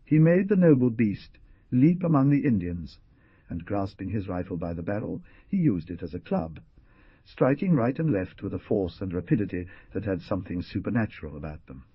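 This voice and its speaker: A man narrating an adventure audiobook in an expressive storytelling manner. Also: on the low side, normal speed, slightly rough, no echo. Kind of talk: scripted narration. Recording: dull dry lo-fi.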